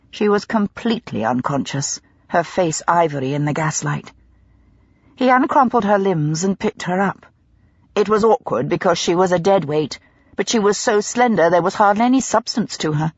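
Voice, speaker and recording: A woman narrating a mystery audiobook in a dramatic, expressive storytelling manner. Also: medium pitch, breathy edge, no echo, dull audio. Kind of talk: scripted narration.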